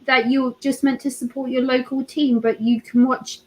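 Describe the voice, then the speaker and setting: Woman from Cornwall, high voice, casual emphatic chat, swearing, video call. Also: flat delivery, normal speed, a little mellow, rough recording. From Cornwall, England.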